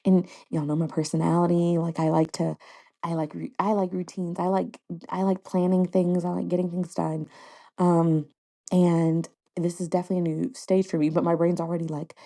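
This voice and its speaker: A woman's voice: on the low side, little pitch movement, normal speed, dark tone. A young adult woman hosting a podcast, chatting casually and candidly to her listeners with frequent fillers and little laughs. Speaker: podcast host. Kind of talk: casual solo podcast chat.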